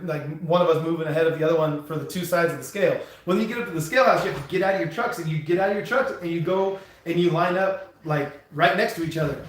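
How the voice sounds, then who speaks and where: A man from California who drives trucks, talking in a slightly raised pitch as he rambles through a story on a live stream. He keeps backing up and restarting his sentences. The room around him rings with heavy echo. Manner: rambling, animated anecdote with many restarts and chuckles. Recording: very echoey room.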